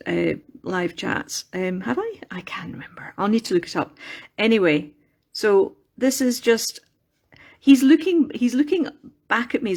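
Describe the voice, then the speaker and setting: A woman with a Scottish accent talks through her sculpting on a live chat, recorded on a phone in her workshop room in a mill. She rambles cheerfully, drifts onto tangents and then picks the thread back up. Her voice sits at an everyday middle pitch. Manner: rambling, chatty, wanders off on tangents. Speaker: craft livestreamer.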